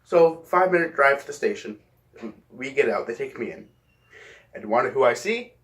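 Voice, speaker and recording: A man's voice: mid-range voice, expressive, a little fast, a bit bright. A young man casually telling a rambling story, swearing often and correcting himself mid-sentence. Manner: profane, rambling, self-correcting.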